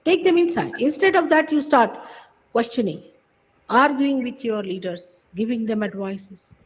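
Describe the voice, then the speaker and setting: A woman's voice: a little high, animated, a little slow. A woman giving a recorded spiritual lecture, emphatic and scolding, firing off rhetorical questions. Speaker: spiritual teacher. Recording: archival lecture with hall reverb, dull sound.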